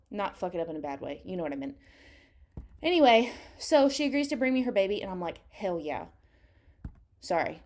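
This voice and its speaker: Young woman photographer from Texas, chatty and self-mocking, mid-pitched and casual. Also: darkish tone. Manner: chatty, self-mocking, swears freely, acts out her own quotes. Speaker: photographer vlogger. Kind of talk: casual storytime chat while editing.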